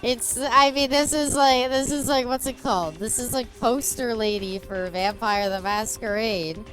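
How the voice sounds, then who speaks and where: A woman's voice: on the high side, normal speed, fairly bright tone, soft background music. A young Canadian woman with a Canadian accent giving chatty, giggly commentary while streaming a game. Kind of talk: gameplay commentary.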